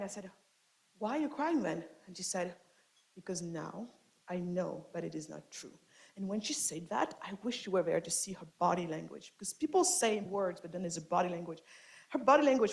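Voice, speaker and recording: A woman giving a lecture to an audience, impassioned, swinging from loud emphasis to soft, quiet asides. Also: medium pitch, rough recording. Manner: frequent restarts and fillers. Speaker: guest lecturer. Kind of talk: speech to an audience.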